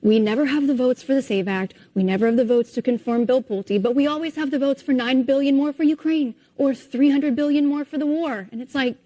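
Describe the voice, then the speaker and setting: A woman's voice: high voice, a little fast, few pauses, mellow. A woman arguing on a televised panel debate in a pointed, argumentative way. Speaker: panel guest.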